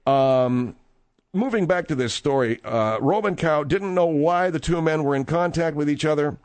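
A man's voice: medium pitch, moderate pace, darkish tone, no echo. Wry male radio host, dry studio sound. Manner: wry, offhand. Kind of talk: talk radio news chat.

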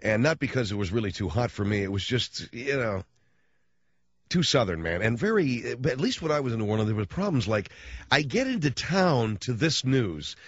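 A middle-aged radio host spins rambling, slangy stories with a lively voice that swings up and down in pitch. The recording is dry and dull, like an old lo-fi broadcast. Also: male voice, moderate pace, no echo. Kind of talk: casual storytelling monologue.

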